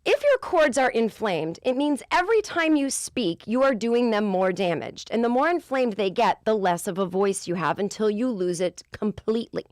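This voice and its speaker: A woman's voice: a little high, normal speed, hardly any pauses, dry recording, clean studio sound. A woman hosting a podcast, talking in a chatty, casual monologue. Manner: chatty, animated, mimics voices for effect. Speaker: podcast host.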